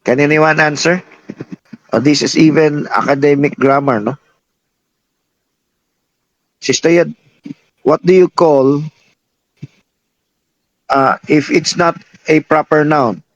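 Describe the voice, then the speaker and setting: A man's voice: on the high side, fairly even intonation, slow, long pauses, no echo, dull audio. A man preaching a sermon, teaching by firing questions at the congregation and repeating himself. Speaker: pastor.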